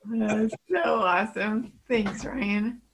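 A woman's voice: medium pitch, takes it slowly, noisy background. A woman hosting a group talk, encouraging the participants and thanking them. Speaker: group host.

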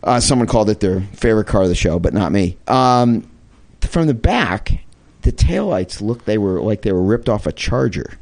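A man's voice: on the low side, expressive, moderate pace, a little mellow. A man talking about cars in a casual podcast chat, enthusiastic and swearing freely. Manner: enthusiastic, profane.

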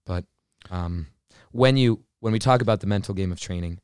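Smooth, deep-voiced male podcast co-host. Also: moderate pace, a little mellow, dry recording, studio quality. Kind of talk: casual chat.

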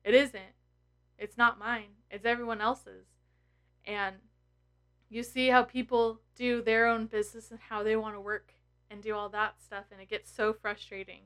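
A woman's voice: fairly high pitch, level tone, normal speed, a bit bright. A woman in her thirties talking candidly and emotionally to her followers, blunt and full of swearing. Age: 30s. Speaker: tarot content creator. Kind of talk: candid personal vlog.

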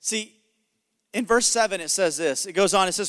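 A man's voice: high voice, moderate pace, a bit bright, clear, resonant tone, long reverb tail. A male pastor preaching a sermon in an emphatic, conversational way with jokes.

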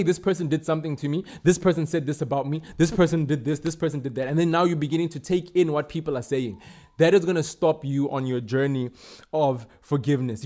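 A man's voice: fairly high pitch, a little mellow. A man preaching a sermon, speaking emphatically and repeating key lines, with some fillers and restarts.

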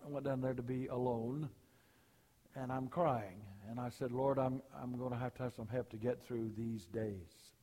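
An older man preaching a sermon, telling folksy personal stories and rising high and loud for punchlines. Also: in a large hall.

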